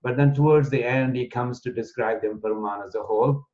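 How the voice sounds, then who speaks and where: A man's voice: mid-range voice, fast, darkish tone. A man teaching an online class, explaining verses step by step with fillers and restarts, sometimes chanting lines. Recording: dull lo-fi online class audio.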